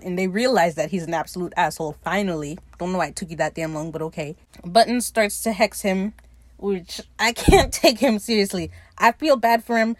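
A woman's voice: mid-range voice, no room sound. A woman casually recapping a TV episode, swearing freely and briefly acting out the characters' lines. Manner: animated, swears freely, acts out quotes in quick voices. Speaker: recap podcaster.

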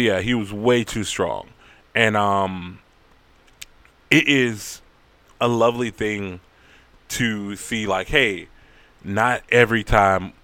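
A man casually recapping a story, rambling, profane and animated. His voice is bright and crisp, and the sound is dry and close. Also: on the low side, dry recording.

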